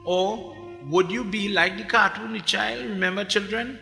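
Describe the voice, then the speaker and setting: A man preaching a sermon as a pundit, animated and repeating phrases as he goes. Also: sits high, moderate pace, vocal fry. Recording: echoey hall with music behind.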